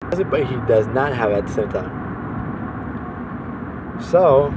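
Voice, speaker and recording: A man's voice: mid-range voice, expressive, a little slow. Rambling man recorded in a noisy car. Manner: rambling, filler-heavy, restarts often. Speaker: fan fiction storyteller. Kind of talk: casual rambling narration. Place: inside a car, at a car wash. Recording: lo-fi with loud street and car noise.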